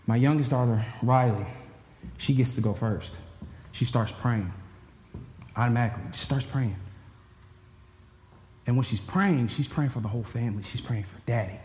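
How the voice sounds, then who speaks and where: A man's voice: mid-range voice, moderate pace, pauses often, a little mellow. A man telling an emotional personal story to a church congregation. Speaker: churchgoer giving a personal testimony. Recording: echoey hall with faint ambience.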